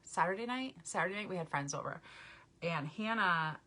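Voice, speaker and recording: A woman's voice: on the low side, lively intonation, moderate pace, pushed and bright. A woman hosting a live makeup tutorial, chatting casually, laughing often and greeting viewers by name. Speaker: makeup vlogger, mother.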